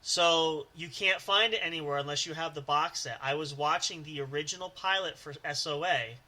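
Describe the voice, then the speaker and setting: A man's voice: a little high, moderate pace, sharp tone. A man co-hosting a casual podcast chat who laughs often and breaks into stammering movie impressions. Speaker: podcast co-host.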